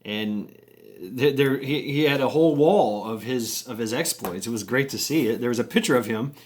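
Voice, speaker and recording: A man's voice: medium pitch, a little hiss or hum. A man telling a long story casually, with frequent restarts, chuckles and casual swearing.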